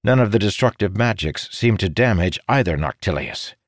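A man narrating a fantasy story in an expressive, dramatic storytelling manner. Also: on the low side, normal speed, no echo, clean studio sound. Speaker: audiobook narrator.

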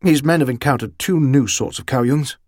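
A man's voice: medium pitch, moderate pace, darkish tone, dry recording, clean studio sound, lightly acted. A man voicing a grim male colonel giving clipped battlefield reports in an audiobook. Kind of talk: audiobook character reading.

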